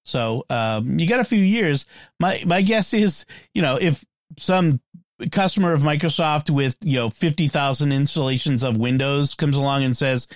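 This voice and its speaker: Man, slightly high voice, casual tech talk, lots of restarts, dry close mic. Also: normal speed, dry recording. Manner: chatty, frequent restarts and fillers. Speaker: podcast co-host.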